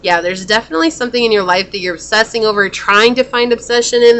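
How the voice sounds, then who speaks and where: A woman's voice: fairly high pitch, quick pace, fairly bright tone. Chatty, emotional woman tarot reader. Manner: chatty, emotional, says y'all. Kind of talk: pick-a-card tarot reading.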